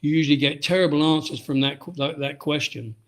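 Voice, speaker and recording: A man's voice: on the high side, quick pace. A middle-aged man from Britain, a ski instructor and author, talking casually in an interview and often restarting his sentences. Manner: rambling, frequent restarts and "um"s.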